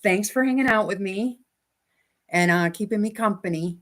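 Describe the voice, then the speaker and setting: A woman's voice: mid-range voice, normal speed, fairly bright tone. A woman hosting a casual quilting livestream from her home sewing room, chatting with viewers about their comments and talking to her dog.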